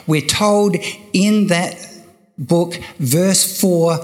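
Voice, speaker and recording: An older man preaching a sermon, slow and emphatic, repeating key phrases for weight. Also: high voice, lively intonation.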